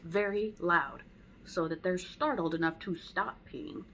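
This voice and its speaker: A woman's voice: lowish voice, measured pace, fairly bright tone, a little hiss or hum, poor audio. A woman teaching dog training in a casual, conversational way at home. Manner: conversational, acts out dog and owner voices. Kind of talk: casual spoken lesson.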